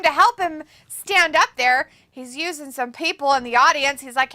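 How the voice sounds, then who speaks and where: A woman hosting a wrestling watch-along, commenting excitedly and joking as she mimics the wrestlers. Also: high voice, a little slow, hardly any pauses, dry recording, clean studio sound. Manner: excitable, jokey, mimics wrestlers in silly voices.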